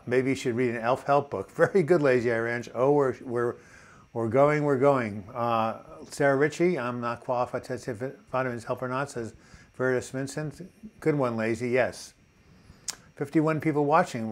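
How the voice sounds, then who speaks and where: An older man with a New York accent hosts a casual live chat, reading viewer comments aloud and telling corny jokes. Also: mid-range voice. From New York City.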